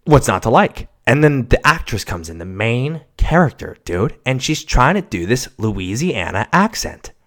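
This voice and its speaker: A man hosting a solo casual podcast, rambling and swearing, swinging from mumbles to shouts, on a cheap home mic. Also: medium pitch, very animated, moderate pace, hardly any pauses. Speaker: podcast host. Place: home recording setup. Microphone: cheap mic without pop filter.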